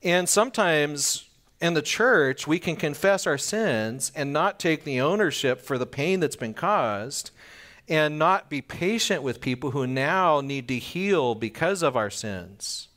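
A man's voice: a little high, animated, fairly bright tone. A man preaching a sermon in a conversational way, asking the listeners questions and acting out little scenes. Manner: acts out little scenes with quick voice changes. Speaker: pastor.

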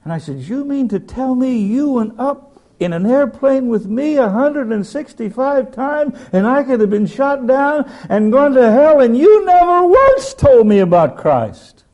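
A man voicing a blunt older airman who fires shocked questions, his voice pitched high and heard from a distance. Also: wildly swooping pitch, normal speed, mellow, lo-fi sound, exaggerated voice. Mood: outraged.

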